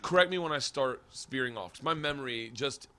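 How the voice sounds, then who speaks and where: A man hosting a podcast, telling a wild story in a casual chat, laughing often and shouting the quoted lines. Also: mid-range voice, a little fast. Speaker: podcast host.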